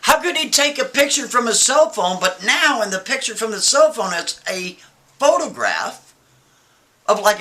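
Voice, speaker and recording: A man telling a story in a casual, animated way, often checking in with the listener and posing questions. His voice is bright, forceful and slightly high. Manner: animated, keeps asking "right?" and rhetorical questions.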